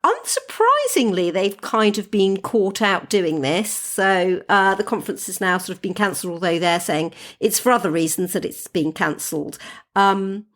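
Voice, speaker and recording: A woman technology journalist, a podcast guest, talking in a measured, wry way. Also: medium pitch, animated, fairly bright tone. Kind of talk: casual podcast chat.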